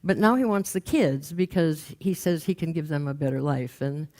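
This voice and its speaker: Low-voiced older woman storyteller. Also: moderate pace. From United States. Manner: lively, humorous, acts out quoted voices. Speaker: career coach and speaker. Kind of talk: storytelling talk.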